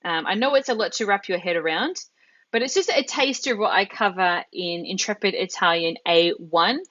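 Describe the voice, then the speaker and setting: An Italian teacher leads a live online language lesson in a medium-pitched, slightly bright voice at normal speed. Her mid-range voice sounds a bit muffled through a computer mic, and she is patient and methodical, explaining step by step with examples.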